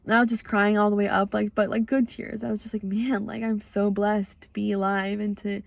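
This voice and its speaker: A woman's voice: medium pitch, little pitch movement, fairly quick, vocal fry, dry recording. A young woman with an American accent hosting a podcast, telling a personal story in a rambling, earnest way with lots of "like" fillers. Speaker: podcast host.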